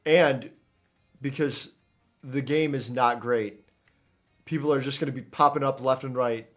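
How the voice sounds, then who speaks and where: A man's voice: mid-range voice, steady tone, measured pace, faint music behind. A man giving casual, rambling commentary while streaming a game, chatty and self-interrupting, into a desk mic.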